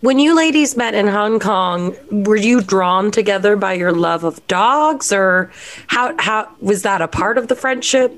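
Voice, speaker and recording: A woman's voice: medium pitch, unhurried. Chatty upbeat woman co-hosting a podcast. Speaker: podcast co-host. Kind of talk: casual podcast interview.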